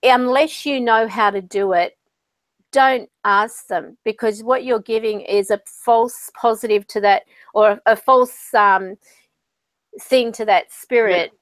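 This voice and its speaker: A woman's voice: on the high side, measured pace, dry recording. Chatty woman medium, dry close sound. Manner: chatty, storytelling with quoted voices. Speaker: spiritual medium, channel host. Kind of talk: casual conversation.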